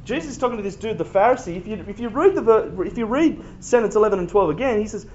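A man's voice: high-pitched, lively intonation, fast talker, a little mellow, a little hiss or hum. A man preaching a sermon in an emphatic, conversational way. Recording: echoey, dull room recording.

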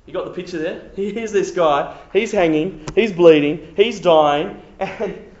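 A man giving a sermon to young people, animated and casual, repeating himself and acting out quotes. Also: high voice, measured pace. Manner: animated, repetitive, casual slang, acts out quotes. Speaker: youth preacher. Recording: very echoey hall, dull sound.

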